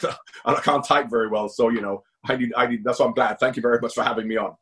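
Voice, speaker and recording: Man, interview guest, husky breathy voice, emphatic, repeats words for stress. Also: mid-range voice, fast. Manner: emphatic, repeats himself, animated. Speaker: guest, former footballer and coach. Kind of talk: conversational interview.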